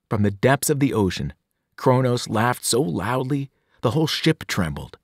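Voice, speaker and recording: A teacher reading a novel aloud with drama, his voice rising and falling in a very lively way. The sound is dry and close to the microphone. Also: medium pitch, normal speed, slightly rough, no echo. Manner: dramatic, with whispered and shouted voices. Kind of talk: expressive read-aloud narration.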